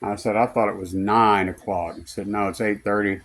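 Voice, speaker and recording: A man's voice: on the low side, steady tone, moderate pace, a bit bright. A man telling a rambling personal story in a casual vlog, full of fillers and restarts, recorded in a car. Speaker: vlogger.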